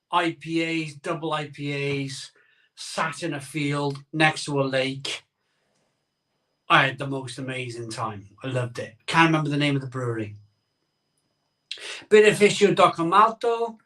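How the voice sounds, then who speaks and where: A man's voice: a little high, bright, forceful tone, recorded from a distance. A man hosting a casual live stream from home, rambling and reading out viewer comments.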